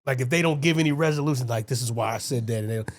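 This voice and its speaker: A man's voice: mid-range voice, rapid-fire. A man in casual podcast chat, telling a rambling, wisecracking story about a teacher. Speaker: podcast co-host.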